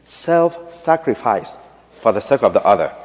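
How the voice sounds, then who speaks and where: A male pastor with an African accent preaching a sermon, swinging between hushed lines and loud, emphatic ones. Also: on the low side, very animated, measured pace. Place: large church. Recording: long church reverb.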